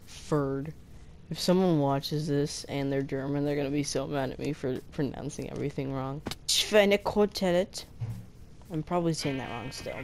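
A woman hosting a gaming channel, chatting casually as she plays, breaking into excited squeals and slowly sounding out foreign words. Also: low voice, slight background noise. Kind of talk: casual gameplay commentary.

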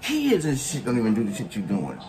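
A man's voice: medium pitch, huge pitch swings, brisk, a little mellow. A man giving a profane, mocking reaction rant as a vlogger, scolding someone in heavy slang. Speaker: commentary vlogger.

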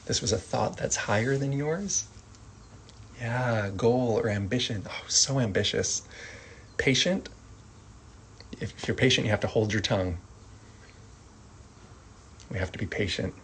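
A man teaching sign language vocabulary, calmly repeating each word and adding gentle asides. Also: mid-range voice, unhurried, pauses often, slight background noise, poor audio. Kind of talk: slow vocabulary lesson.

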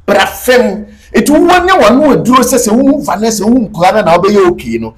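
A Ghanaian-accented man gives emphatic, sermon-like answers as an interview guest. His voice sits high and swings widely in pitch. He mixes Twi and English as he talks. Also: very animated, rapid-fire, a crowd in the background. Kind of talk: animated interview talk.

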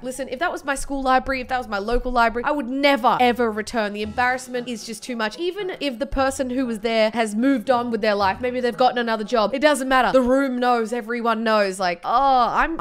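A young woman on her YouTube channel, casually reading out viewer stories with a playful, joking manner. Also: a little high. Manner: playful, animated, jokes and swears.

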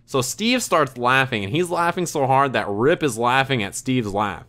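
A man in a casual stream chat, rambling through an anecdote with lots of "like" and bursts of laughter. His voice is smooth and clear, sitting at an average pitch. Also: animated, normal speed, fairly bright tone. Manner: rambling, laughing, heavy use of "like". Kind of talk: casual storytelling.

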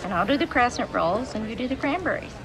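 A chirpy rental clerk. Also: female voice, a little high, animated, fast talker, over loud music. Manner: bubbly, sing-song phone chatter. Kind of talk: film comedy acting. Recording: film clip with busy crowd behind.

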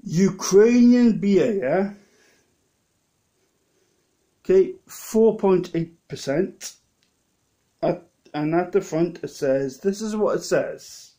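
A man's voice: high voice, dark tone. A man with a Welsh accent, a bit drunk, rambling and restarting his sentences as he tastes a beer in a casual vlog. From Wales. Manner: rambling, halting, with many restarts. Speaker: lay preacher vlogger.

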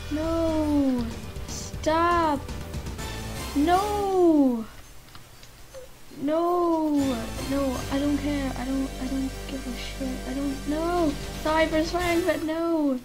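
A fairly high-voiced woman with a Lithuanian accent commentates a life-sim game at an unhurried pace. She chats to the characters on screen, at times muttering under her breath and at times loudly protesting. Faint game music plays behind her. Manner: chatty, talks to the game characters, swings from mumbling to loud protests. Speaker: gaming YouTuber.

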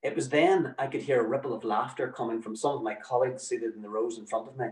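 A man's voice: mid-range voice, a little fast, reverberant, distant mic, low-quality recording. A middle-aged man, telling a personal story to an audience with dry, wry, mock-exasperated humour.

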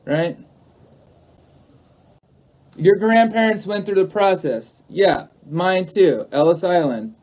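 A man's voice: high-pitched, slow, long pauses, a little mellow. A man on a livestream who talks to his chat, arguing in a mocking, sarcastic way and repeating his points. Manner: argumentative, repeats himself. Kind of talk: livestream talk answering chat.

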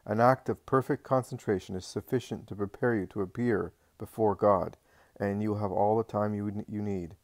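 A man reading the lines of Jesus as a calm, patient male teacher in a religious audiobook. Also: lowish voice, dry recording, clean studio sound, natural voice. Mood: gently instructive. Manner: measured, patient, reassuring.

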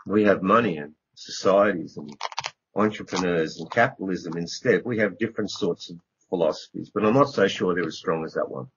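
A man's voice: low voice, fairly quick, a little hiss or hum. A middle-aged man, an author speaking as a radio interview guest, earnest and emphatic, repeating words for stress. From Australia. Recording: dull lo-fi radio recording.

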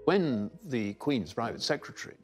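A man commenting in an interview, telling stories in a lively way. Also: mid-range voice, moderate pace, husky, soft background music.

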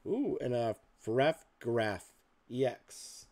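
A man hosting a card-opening video, reading card names aloud in a list with casual muttered asides, slightly hoarse and clearing his throat. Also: medium pitch, lively intonation, takes it slowly, darkish tone. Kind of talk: casual pack-opening commentary.

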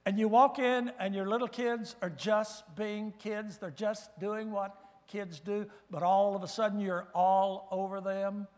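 An older man preaching a sermon in a fairly high voice, mixing scripture with folksy, humorous stories. The sound carries a long church reverb. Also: steady tone, measured pace, a little mellow. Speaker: guest preacher. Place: church sanctuary.

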